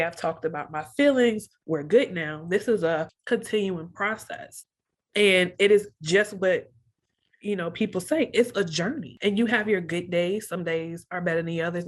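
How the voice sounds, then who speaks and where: A young woman with a slightly low voice tells her own story as an interview guest. She speaks earnestly and openly, and her words tumble and repeat when feelings run high. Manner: earnest, emotional, repeats phrases when stirred. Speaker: podcast guest. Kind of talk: candid personal storytelling.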